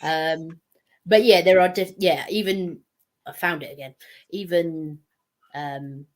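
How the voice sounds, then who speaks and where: A chatty woman with a low voice talks as a panel guest. She meanders through her points and pokes fun at herself. It is a relaxed, conversational delivery. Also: takes it slowly. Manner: chatty and meandering, self-deprecating. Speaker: guest speaker. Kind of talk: casual panel discussion.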